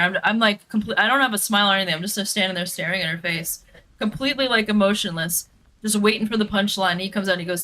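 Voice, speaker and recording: A woman's voice: on the low side, fast, sharp tone. A woman telling a story in a blunt, profane, casual way while streaming a game, with lots of fillers and repeats.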